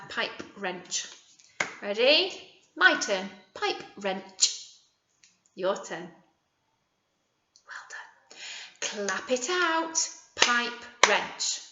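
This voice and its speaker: An English woman teaching phonics to young children, sounding out words slowly and warmly encouraging them. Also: medium pitch, roomy sound, highs cut off, slight background noise. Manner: slow, sing-song, exaggerated word sounding for small children. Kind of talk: early years phonics lesson.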